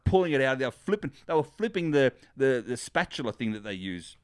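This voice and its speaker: A man's voice: mid-range voice, big pitch swings, fast. Chatty storytelling podcast man. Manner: chatty storyteller, restarts and tumbling asides. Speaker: podcast co-host. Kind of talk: casual chat.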